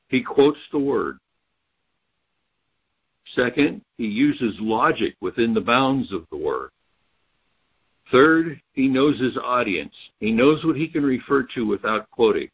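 A man's voice: mid-range voice, slightly rough, highs cut off. A man teaching a Bible study, reading verses aloud and explaining them point by point. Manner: reads scripture aloud, then explains it step by step.

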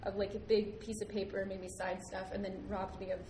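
A young woman tells a story in a lively, chatty voice. Her pitch sits in the middle range, and she laughs easily. The recording is roomy, with noise behind her. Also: quick pace. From United States. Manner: animated, laughs often, acts out the people in her story. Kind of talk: casual storytelling.

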